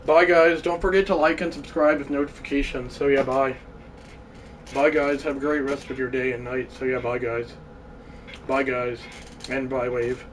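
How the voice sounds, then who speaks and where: A man with a high voice hosts a live stream and calls a baseball video game in an unhurried way. He swings between excited shouts and low, mumbled asides to his chat. A faint hiss of background noise sits under him. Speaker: livestream host.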